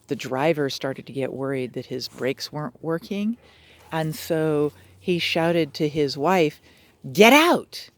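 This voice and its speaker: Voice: mid-range voice, a little mellow. Dog trainer, outdoors in the brush, casual lesson, upbeat, chatty, lots of fillers. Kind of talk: casual instructional talk. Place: outdoors in brushy terrain with dogs.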